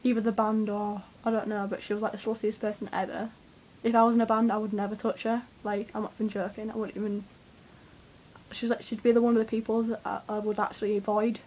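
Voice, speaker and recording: A young woman, telling a rambling, excitable story to camera, swearing freely and with lots of fillers. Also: mid-range voice, quick pace, slight background noise, rough recording. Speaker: vlogger.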